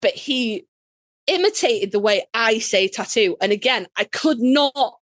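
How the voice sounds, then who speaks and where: A woman's voice: a little high, expressive, measured pace, no echo. A woman from Yorkshire with a Yorkshire accent, co-hosting a podcast and telling a story in casual chat, swearing freely and acting out quotes. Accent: Yorkshire English. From Yorkshire, England. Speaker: podcast co-host.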